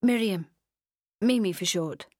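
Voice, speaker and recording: A woman reading a story, voicing a tearful, overjoyed young woman in a high, breathless voice. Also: unhurried, a little mellow, dry recording, studio quality, lightly acted. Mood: shy.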